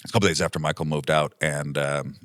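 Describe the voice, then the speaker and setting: A man with an extremely deep, low voice, a property manager guest telling a long story from his work. He rambles casually, filling the gaps with "um" and "like". The sound is dry and close, with no room echo. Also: steady tone, fast, a bit bright. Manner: rambling anecdotal telling, lots of um and like.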